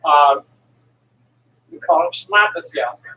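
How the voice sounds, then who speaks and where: In a deep, bright, forceful voice, animated and at a measured pace, a woman in her sixties who sells herbal medicine on the road rambles through a digressive monologue full of restarts. She's blunt and occasionally profane. There's a little hiss or hum, faint ambience, and an echoey room recorded from some distance.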